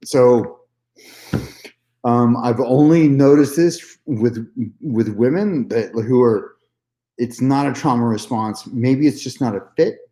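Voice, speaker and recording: Male vlogger, mellow tone, casual candid storytelling, roomy echo. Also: mid-range voice, takes it slowly. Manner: candid, swears freely, repeats himself.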